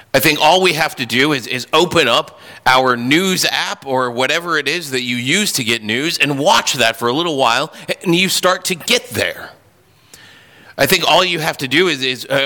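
A man's voice: medium pitch, sharp tone. A man preaching a sermon earnestly, with frequent restarts and fillers. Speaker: pastor. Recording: hall reverb.

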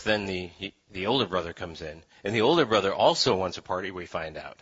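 A male preacher gives a loose, joking sermon to a room of listeners, acting out the characters as he goes. His voice is very bright and forward. The recording sounds a bit dull. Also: lowish voice, breathy edge. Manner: animated, joking, acts out voices. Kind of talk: conversational sermon. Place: room with live audience.

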